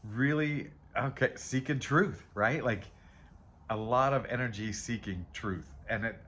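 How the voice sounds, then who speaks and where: A man hosting a casual tarot reading, rambling and reflective, often trailing off, questioning himself and laughing softly at himself. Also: medium pitch, unhurried, a little hiss or hum. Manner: candid and self-deprecating, with soft laughs. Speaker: tarot reader and channel host. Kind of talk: casual spiritual chat while reading tarot.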